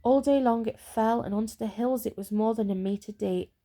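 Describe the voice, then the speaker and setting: Soothing soft-spoken ASMR reader, woman, mellow, gentle bedtime-story delivery. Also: fairly high pitch. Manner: slow and soothing.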